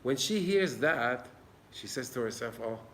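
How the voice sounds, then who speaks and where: A man's voice: medium pitch, expressive, unhurried, a bit bright, slight background noise. A man giving an informal Torah class in an old synagogue, earnest and plain-spoken. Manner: earnest, plain-spoken, acts out little dialogues. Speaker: Torah teacher.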